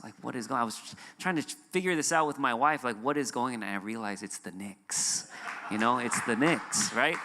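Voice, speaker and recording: A man's voice: mid-range voice, normal speed, bright, forceful tone. A man from the United States, a guest pastor, giving a sermon in a chatty storytelling way with many fillers. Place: church sanctuary. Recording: hall reverb.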